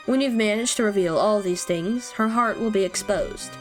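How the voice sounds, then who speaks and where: A woman reading aloud as a cruel, aloof female witch, calm and quietly taunting. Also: medium pitch, moderate pace, faint music behind, natural voice. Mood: coolly taunting. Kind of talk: reading game dialogue aloud.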